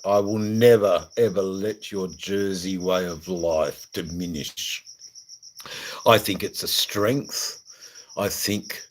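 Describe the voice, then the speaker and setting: Middle-aged Aussie livestream host, crude and jokey, drawling slowly over a faint night-insect hum. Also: male voice, low voice, fairly even intonation, poor audio. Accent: Australian. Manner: rambling, crude and jokey, many fillers. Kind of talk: casual livestream chat reading viewer comments.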